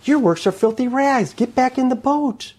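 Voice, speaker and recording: A preacher voicing scoffing doubters who mock and urge a believer to give up, in a raised, incredulous voice. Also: male voice, normal speed, darkish tone. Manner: mocking, incredulous, high-pitched.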